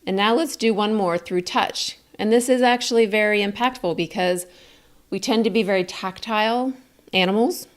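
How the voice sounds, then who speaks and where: A woman teaching a communication lesson in a calm, clear, explaining way. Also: mid-range voice. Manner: calm, explains slowly and clearly, demonstrates statements. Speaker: communication coach.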